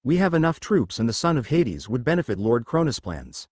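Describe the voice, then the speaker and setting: An irritable young traitor, impatient and eager for a fight, voiced by a male storyteller. His lines come with animated pitch. The recording is dry and close. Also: fairly quick, no room sound.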